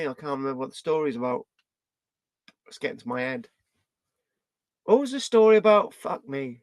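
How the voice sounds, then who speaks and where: A man's voice: sits high, fairly bright tone, dry recording. A British man vlogging in a rambling, scattered way, swearing and tagging his lines with "right?". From Britain. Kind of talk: rambling casual vlog.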